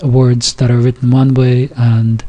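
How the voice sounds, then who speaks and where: Slow, halting man teaching pronunciation. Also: mid-range voice, flat delivery, dark tone. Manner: halting, many fillers and restarts, slow and careful; over-articulates example sounds and words. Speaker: Yiddish teacher. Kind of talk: informal recorded lesson, reading from a textbook.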